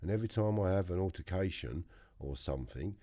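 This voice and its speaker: A man with a London accent, a podcast guest telling animated prison stories, acting out other people's voices and swearing freely. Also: sits low, brisk. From England. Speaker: interview guest. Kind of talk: storytelling interview. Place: podcast studio.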